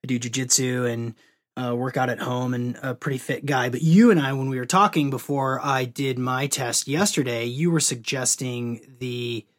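A man's voice: medium pitch, steady tone, normal speed. A man interviewing a guest, speaking candidly about his own experience with stammered restarts. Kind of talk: casual interview.

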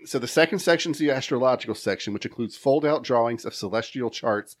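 A man's voice: mid-range voice, fast talker. A man hosting a podcast, reading his research notes aloud in casual chat and laughing between lines. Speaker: podcast host.

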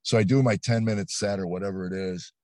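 Older male comedian guest, low voice, dry close sound, lively storyteller who acts out what people said. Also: fast talker, no echo. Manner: animated storyteller, acts out quotes. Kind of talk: storytelling interview. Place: studio set.

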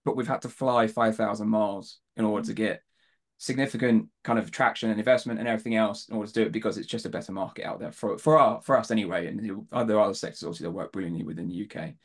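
A man's voice: fairly low pitch, fast talker. A man from Devon with a southern English accent, talking as a startup founder in a casual podcast interview, often repeating and restarting words. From Devon, England. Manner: rambling, frequent word repeats and restarts.

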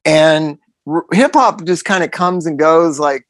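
A man's voice: fairly high pitch, a little slow, dry recording. A man hosting a podcast, talking casually and emphatically, repeating phrases for effect. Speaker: podcast host.

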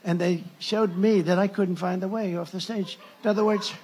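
A man's voice: sits high, fairly even intonation, moderate pace, creaky, hardly any pauses, slight background noise. A male candidate giving a campaign rally speech, rambling and sarcastic, often breaking off mid-sentence to restart. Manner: rambling, sarcastic, with self-interruptions. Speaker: presidential candidate.

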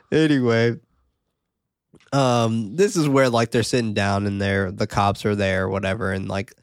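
A man hosting a podcast, recapping a horror film in a casual, profane, animated way. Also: fairly low pitch, unhurried, clear, resonant tone, no room sound, clean studio sound. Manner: animated, profane, laughing often. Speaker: podcast host.

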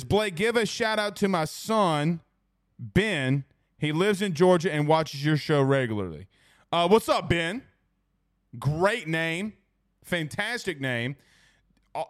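A young man hosts a loose sports talk stream, and his voice sits high for a man. He rambles and rants with plenty of fillers, restarts and asides to the chat. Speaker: sports talk show host.

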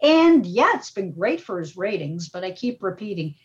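Older woman, podcast guest, emphatic, animated, middle pitch, muffled audio. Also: moderate pace. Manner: animated, emphatic, frequent "okay?" tags. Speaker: guest, media professor. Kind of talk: casual podcast talk.

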